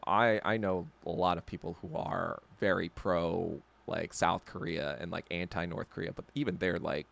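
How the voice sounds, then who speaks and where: A man's voice: low-pitched, gravelly, fairly bright tone. A man hosting a podcast, ranting and swearing in casual chat with viewers and laughing often. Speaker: podcast host. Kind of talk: casual livestream chat reacting to viewer comments.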